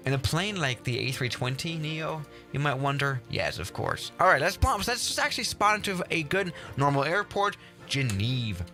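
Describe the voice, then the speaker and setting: A man's voice: a little high, sharp tone. A man hosting a livestream and commenting casually on his game, rambling and exasperated, with mild swearing. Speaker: livestream host.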